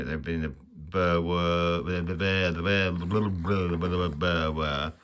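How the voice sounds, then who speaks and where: Low rambling man reviewing a book. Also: sharp tone. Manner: rambling, stammering, self-mocking with chuckles. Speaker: channel host.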